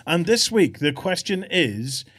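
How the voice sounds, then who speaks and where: A male host with a lively, swooping voice and a slightly raised pitch. He chats in a playful, animated way, breaking into giggles as he runs the segments of a casual gaming show. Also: a little slow. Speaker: podcast host. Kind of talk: casual chat.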